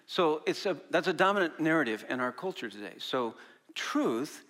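A man's voice: fairly high pitch, animated, moderate pace, fairly bright tone. A man preaching a sermon as a pastor, talking conversationally and quizzing his congregation. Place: church service.

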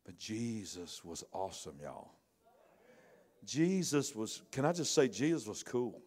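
Man preaching with loud and hushed swings. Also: mid-range voice, big pitch swings, a little slow. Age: middle-aged. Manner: conversational preaching, swings between loud bursts and hushed asides. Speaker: pastor. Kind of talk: sermon.

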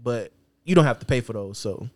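A man's voice: mid-range voice, expressive, a little fast, darkish tone, no echo. Brief: male podcast co-host, blunt opinions, laid-back slang, dry close mic. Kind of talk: casual podcast banter.

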